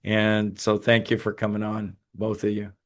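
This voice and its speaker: A tired man hosting a webinar over a video call, talking haltingly with many fillers and restarts. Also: on the low side, monotone. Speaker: host. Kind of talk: webinar talk and Q&A.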